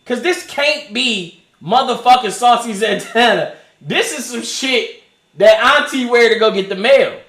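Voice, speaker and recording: A man streaming and reacting to clips in casual, profane, animated chat, often laughing. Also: extremely high pitch, measured pace, echoey room.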